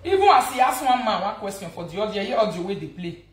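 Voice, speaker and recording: A woman with a Nigerian accent hosts a casual gossip vlog, teasing and mocking as she talks. She sits at a middle pitch and keeps hammering words through repetition. Her voice rings in an echoey room. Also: fast. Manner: animated, mocking, repeats words for emphasis. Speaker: gossip vlogger.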